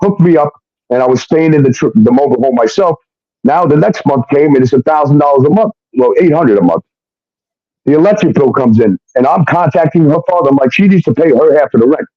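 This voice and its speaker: A man's voice: on the high side, fairly quick, no room sound, dull audio. A man telling his own story in casual talk, swearing often and acting out what others said. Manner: profane, animated retelling with quoted dialogue.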